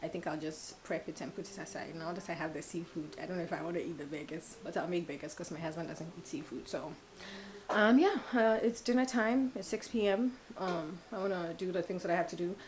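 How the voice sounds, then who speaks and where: A woman's voice: on the low side, brisk, a little mellow, a little hiss or hum, poor audio. A woman in her twenties chatting casually at home in a rambling, giggly vlog. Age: 20s. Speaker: vlogger. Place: home kitchen.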